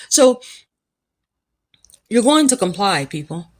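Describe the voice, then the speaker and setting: A woman's voice: mid-range voice, expressive, a little slow. A woman hosting a spiritual podcast, speaking in a scornful, preachy monologue with emphatic repetition and a Black lilt. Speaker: podcast host.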